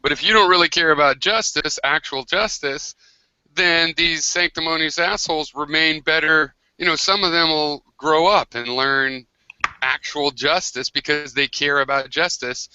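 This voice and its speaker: A man's voice: on the high side, normal speed, sharp tone, clear, resonant tone, no room sound, lo-fi sound. An American man hosting a casual online group discussion, talking in long rambling turns with many restarts. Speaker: host of an online hangout.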